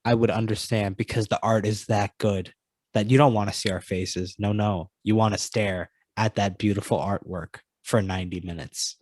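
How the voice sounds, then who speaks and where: Male co-host, lowish voice, teasing banter, dry close mic. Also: fairly even intonation, normal speed, darkish tone, no echo. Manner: teasing, mock-hype banter. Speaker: podcast co-host. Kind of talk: casual chat.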